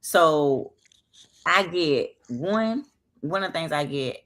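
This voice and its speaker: A late-thirties woman with a Southern accent tells her stories with sass and playful put-downs. Her voice sits low yet swings widely in pitch, full of animation. She speaks over a video call mic. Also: lively intonation, slow, a bit bright. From American South. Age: 30s. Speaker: guest athlete. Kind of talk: casual interview chat.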